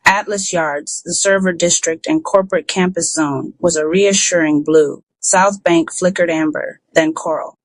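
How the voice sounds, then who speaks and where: Even, unhurried audiobook narrator. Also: medium pitch, dry recording, low-quality recording. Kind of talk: first-person audiobook narration.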